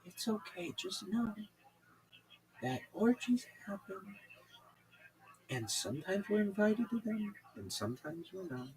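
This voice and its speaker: A man voicing a calm, soothing woman who hosts a late-night radio call-in show, speaking with slow, gentle reassurance. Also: sits high, voice pushed up, exaggerated voice, low-quality recording.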